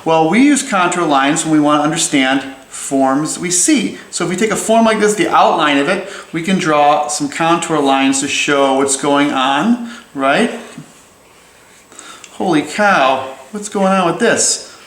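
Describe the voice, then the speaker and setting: Man, a bit high-pitched, teaching drawing in a loose, jokey way; echoey room. Good for a friendly tutorial read. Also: animated, unhurried, fairly bright tone. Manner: playful, chatty, jokey asides. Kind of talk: casual drawing lesson while sketching.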